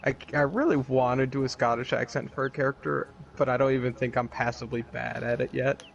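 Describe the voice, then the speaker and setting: A young man with a gravelly, fry-laced voice at an everyday pitch chats loosely with his tabletop group. He jokes around and fills his talk with "like" and "um". A faint hiss sits under him. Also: steady tone, brisk, muffled recording. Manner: joking, chatty, many fillers. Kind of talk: casual chat among tabletop players.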